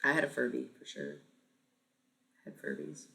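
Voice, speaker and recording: Casual streamer with a gravelly voice. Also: medium pitch, sing-song, moderate pace, pushed and bright. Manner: casual, swears freely, thinks aloud. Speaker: live streamer. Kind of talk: casual chat with stream viewers.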